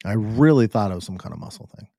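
Middle-aged man, low voice, dry close sound, earnest halting storytelling, podcast host. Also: animated, vocal fry, mellow, slightly rough, dry recording. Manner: earnest, halting, with repeated restarts. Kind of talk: personal storytelling.

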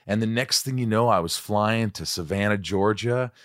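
A man hosting a podcast, telling animated stories full of restarts and acted-out voices. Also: lowish voice, no room sound, studio quality. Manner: animated, acts out voices in anecdotes; halting restarts. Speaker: podcast host. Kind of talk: casual storytelling chat.

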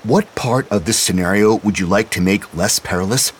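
A man with a low voice voicing a determined, defiant woman investigator in an audio drama, curt and cool. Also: moderate pace, slight background noise, close to an everyday voice, low-quality recording. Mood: angry.

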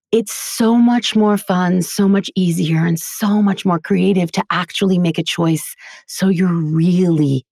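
A woman's voice: lowish voice, darkish tone, no echo, studio quality. A middle-aged woman, a voiceover artist and teacher, speaking earnestly and emphatically as a guest in a casual podcast interview.

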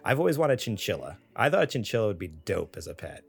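Low-voiced host reading chat. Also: male voice, fast, vocal fry, breathy edge, soft background music. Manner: relaxed, chuckling, reads chat comments aloud. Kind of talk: casual chat.

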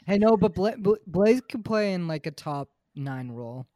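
A man chatting casually on a sports podcast, excitable and jokey, often trailing off quietly. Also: sits high, a little slow, no echo, studio quality. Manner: excitable, jokey, drifts quiet at line ends. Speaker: podcast co-host.

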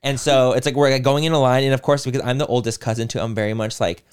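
A man's voice: mid-range voice, fairly even intonation, fast, clean tone. A young man co-hosting a podcast, telling stories in casual chat, swearing freely and laughing often. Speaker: podcast co-host.

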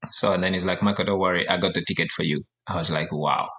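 Lively Ugandan man telling his story. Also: deep voice, quick pace. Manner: animated, acts out dialogue, laughs often. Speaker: guest, professional soccer player. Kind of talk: casual storytelling.

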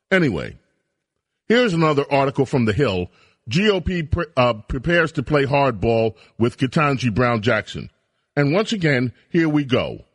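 A man's voice: fairly high pitch, fairly bright tone, husky, no echo. A man hosting a talk radio show, ranting in a heated, emphatic political monologue from a studio microphone.

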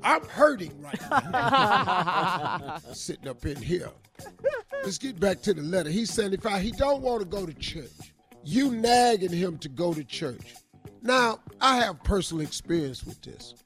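A man co-hosting a radio advice segment, joking loudly in casual talk and tired after a sleepless night. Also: high voice, big pitch swings, normal speed, soft background music. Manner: loud, joking, informal Southern Black English phrasing. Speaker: radio co-host giving advice.

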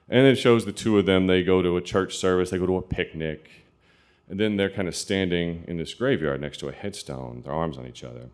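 A man telling a true personal story in an earnest, confessional way, with halting restarts. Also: low voice, darkish tone.

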